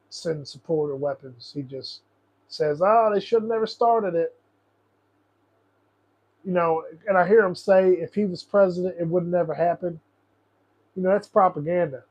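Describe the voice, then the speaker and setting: A man's voice: high voice, a little mellow, lo-fi sound. A young man hosting a casual political livestream, ranting in a profane, frustrated, rambling way. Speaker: host.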